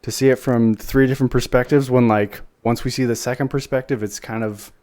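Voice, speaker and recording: A man's voice: medium pitch, fairly even intonation, a little fast, darkish tone. A man co-hosting a movie podcast in casual chat, blunt and repeating his points with many fillers. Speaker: podcast co-host.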